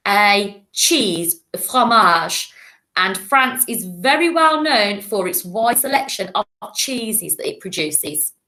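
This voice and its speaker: A woman speaks to young children in a clear, patient and encouraging voice. Her voice sits a little high. She sounds like a primary school teacher recording a lesson. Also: sharp tone.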